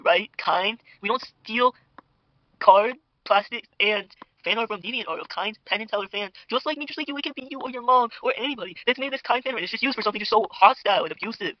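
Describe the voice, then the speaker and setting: A high-voiced young man at his home dinner table hosts a mock internet drama commentary, rambling gossipily with fake outrage, fillers, and viewer asides. His podcast mic yields a dry, lo-fi recording.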